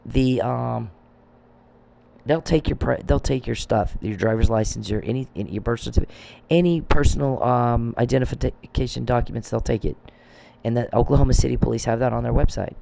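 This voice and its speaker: A man's voice: mid-range voice, fairly quick, gravelly, dark tone, a little hiss or hum. A man delivering an agitated, accusing monologue, swearing freely and repeating himself for emphasis. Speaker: vlogger. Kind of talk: ranting monologue.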